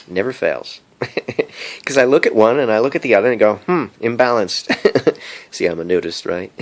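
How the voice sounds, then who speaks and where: A middle-aged man talks into a phone camera in a slow, wandering monologue, breaking into giggles again and again. His voice is low and gravelly, and his pitch swings widely as he jokes. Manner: giggly, rambling, laughs often. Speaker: vlogger. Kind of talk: rambling casual monologue to camera. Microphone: cell phone camera.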